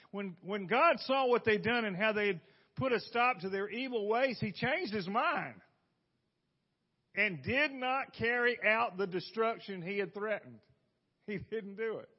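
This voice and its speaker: A man preaching a conversational sermon, folksy and quick to toss rhetorical questions to the room. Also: high-pitched, lo-fi sound. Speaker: pastor.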